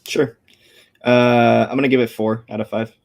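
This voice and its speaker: A man on a podcast panel giving his film rating in a relaxed, hesitant way, with many fillers. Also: medium pitch, normal speed, creaky. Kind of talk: casual film discussion.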